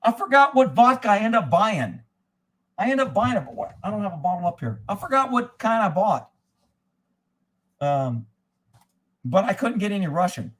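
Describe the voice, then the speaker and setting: Livestream host, man, middle-aged, high voice, profane heated ranting. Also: sing-song, normal speed, long pauses. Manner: profane and heated, reacting to chat. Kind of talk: casual ranting livestream chat.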